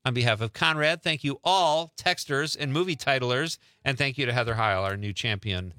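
A man's voice: mid-range voice, moderate pace, bright, forceful tone, clean tone, dry recording, studio quality. A man hosting a radio quiz segment, upbeat and teasing, laughing often. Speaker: radio show host.

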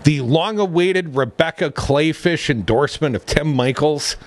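A man's voice: a little high, moderate pace. A man co-hosting a political talk radio show, reading the news with sarcastic asides. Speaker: radio co-host.

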